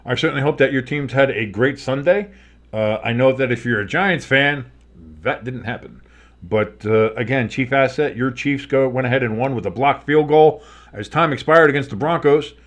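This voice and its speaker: A man's voice: medium pitch, normal speed, fairly bright tone. A man hosting a live sports stream, calling plays and rambling into joking asides. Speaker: sports streamer and play-by-play host. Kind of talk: live play-by-play with casual chat.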